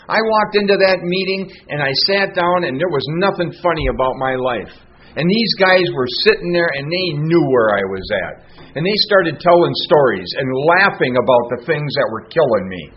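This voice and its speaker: A man's voice: medium pitch, husky. Plain-spoken older man on muffled radio. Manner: earnest, plain-spoken, storytelling. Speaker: recovery meeting speaker. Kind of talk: personal sharing talk.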